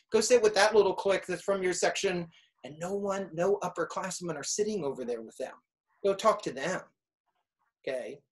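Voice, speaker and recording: A middle-aged man, a music teacher, giving casual advice to students in an animated, storytelling way, often acting out what kids say. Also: high voice, rough recording.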